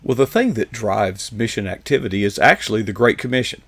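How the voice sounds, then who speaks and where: A man's voice: on the low side, lively intonation, a little fast, dry recording. A man hosting a talk show, a psychologist who chats in a folksy way with joking asides. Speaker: host, psychologist. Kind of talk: casual chat.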